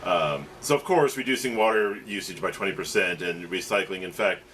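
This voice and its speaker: Low-voiced man chatting hesitantly. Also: fairly quick, a bit bright, a little hiss or hum. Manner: easygoing, hesitant, with many fillers. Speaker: co-host. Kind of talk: casual chat over drinks.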